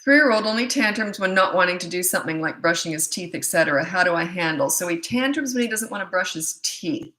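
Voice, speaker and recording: A woman's voice: fairly low pitch, animated, fast, few pauses, bright, forceful tone. Blunt chatty woman parenting coach. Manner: blunt, chatty, storytelling with asides. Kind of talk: casual Q&A answering viewer questions. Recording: echoey room.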